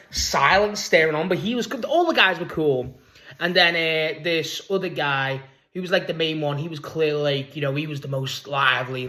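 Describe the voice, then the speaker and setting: A man's voice: a little high, bright, forceful tone. Rambling Liverpool-accented man. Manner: rambling, sweary, laughs while talking. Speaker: vlogger. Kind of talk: casual rambling storytelling.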